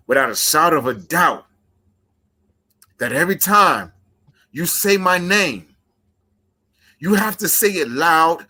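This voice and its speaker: Forceful man cutting a wrestling promo. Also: on the high side. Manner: measured, emphatic, confrontational.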